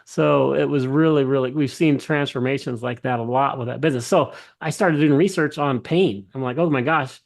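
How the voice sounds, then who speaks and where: A man, a company CEO, telling his story as a podcast guest with eager enthusiasm, often restarting sentences and acting out quoted dialogue. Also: on the high side. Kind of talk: casual interview storytelling.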